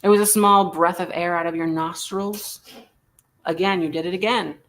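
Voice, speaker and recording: A woman's voice: fairly low pitch, fairly even intonation, moderate pace, a bit bright. Joking woman hosting a live sale. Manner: playful, joking, chatty. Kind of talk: live online auction selling.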